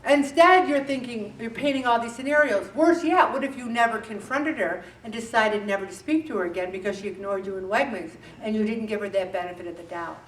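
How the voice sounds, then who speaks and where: A middle-aged woman leading a faith-based weight loss group, talking in an animated way and acting out bits of dialogue. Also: fairly high pitch, a little fast, few pauses. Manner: animated, acts out dialogue with voices. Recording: echoey room, distant mic, faint background noise.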